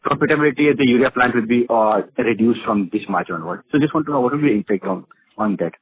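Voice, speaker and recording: A male analyst asking questions on an earnings call, halting with many fillers and uneven loudness, heard over a muffled phone line with background noise. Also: mid-range voice, slightly rough.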